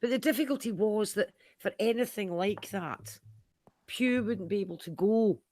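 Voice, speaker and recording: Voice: medium pitch, normal speed, a little mellow, no echo. Easygoing podcast voice, dry sound. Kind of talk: casual podcast chat.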